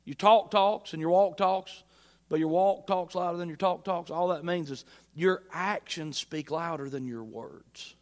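A man's voice: sits high, a little slow. A man preaching a sermon in church, emphatic and repeating his phrases with rising force. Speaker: pastor.

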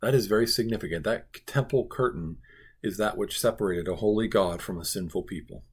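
Male pastor, low husky voice, earnest devotional teaching, emphatic repetition. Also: brisk. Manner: earnest, emphatic, repeats phrases for stress.

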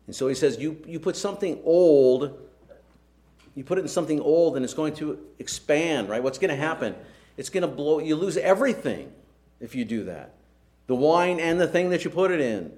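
A man's voice: on the high side, animated, moderate pace, darkish tone. A man preaching a sermon in an earnest, emphatic way, with frequent rhetorical questions to the congregation.

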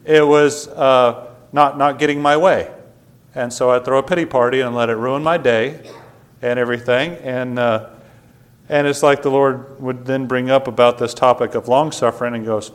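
Stammering preacher man, loud then hushed. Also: medium pitch, fairly even intonation, moderate pace. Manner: stammering restarts, swings from loud to quiet. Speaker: pastor. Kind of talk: sermon. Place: church sanctuary.

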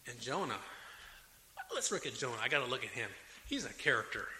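A man preaching a sermon with a Southern American accent, animated and dramatic, raising his voice as he acts out the complaints of biblical figures. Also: mid-range voice, brisk. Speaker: pastor. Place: church sanctuary. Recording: echoey hall with faint room noise.

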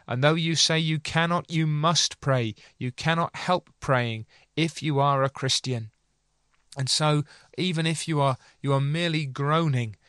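A man giving an earnest sermon, reading old sermon passages aloud and commenting on them, slowing down to press his points. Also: on the high side, a bit bright, no room sound, clean studio sound. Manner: earnest, slows for emphasis, pleading. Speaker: preacher.

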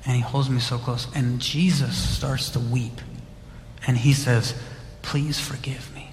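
A male church minister sharing an emotional personal testimony, halting and repetitive. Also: mid-range voice, little pitch movement, darkish tone. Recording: roomy hall with faint noise.

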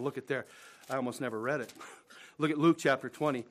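A male pastor delivers a sermon with his voice at a middling pitch. He presses hard on key phrases, then drops to quiet, drawn-out asides. He keeps turning to the congregation with pointed rhetorical questions. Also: steady tone. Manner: dramatic swings from loud emphatic bursts to hushed, slow asides; addresses listeners directly with rhetorical questions. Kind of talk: preaching a sermon.

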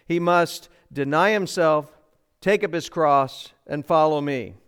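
A middle-aged male pastor preaches in a church, his voice set high for a man and smooth, resonant and clear. He presses his points with emphatic repetition and rhetorical questions to the congregation. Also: slow, fairly bright tone. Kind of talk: sermon. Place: church sanctuary.

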